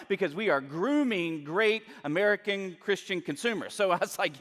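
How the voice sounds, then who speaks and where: A man's voice: high-pitched, moderate pace, a bit bright. A man with a Southern US accent, preaching a sermon as a guest speaker in a church, conversational and self-deprecating. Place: church sanctuary. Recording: reverberant church hall.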